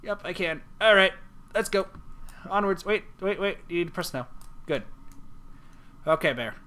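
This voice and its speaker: A man's voice: high voice, lively intonation, normal speed, pushed and bright. A man streaming a video game, talking to himself in playful, rambling chat. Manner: playful, rambling self-talk.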